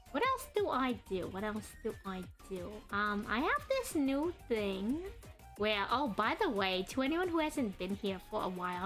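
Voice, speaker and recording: A young adult woman streaming while she draws, chatting and rambling to her viewers in a deliberately adopted voice and cadence. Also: mid-range voice, a bit bright. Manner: chatty, rambling, greets chat by name. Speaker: streamer and artist. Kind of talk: casual live-stream chat while drawing.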